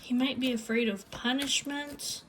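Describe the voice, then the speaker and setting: A woman giving a tarot reading, talking haltingly and searching for words, often phrasing what someone might say. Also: high-pitched, fairly even intonation, very noisy. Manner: speaks lines as if voicing someone else. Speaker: tarot reader.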